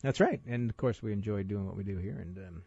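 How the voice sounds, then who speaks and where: A man's voice: lowish voice, quick pace, creaky, mellow, breathy edge, no room sound, muffled recording. A man co-hosting a weekend radio advice show, chatting in an easygoing, wry, joking way. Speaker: radio show co-host and financial advisor. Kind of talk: casual radio banter. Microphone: studio microphone.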